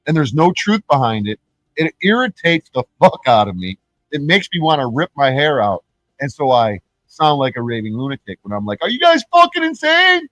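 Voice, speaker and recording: A man's voice: medium pitch, expressive, moderate pace, no room sound, rough recording. A man streaming a profane, mocking rant, laughing between points and mimicking his critics in sing-song voices. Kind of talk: ranting livestream monologue.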